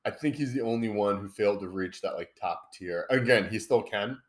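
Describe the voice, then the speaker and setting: A man's voice: on the low side, a little fast. A man co-hosting a podcast, chatting casually about a film and talking around his points with lots of restarts. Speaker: podcast co-host.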